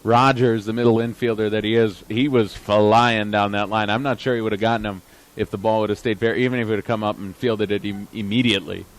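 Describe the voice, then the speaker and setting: A man's voice: fairly low pitch, steady tone, a little fast, low-quality recording. A man giving chatty, joking color commentary on a college baseball game.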